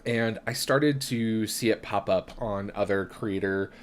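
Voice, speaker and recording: Hiccuping his way through a casual live stream, this young adult tarot reader and channel host talks in a lowish voice at a steady, measured pace. Some background noise sits under his reflective, chatty delivery, which is full of "right?" check-ins and restarted sentences.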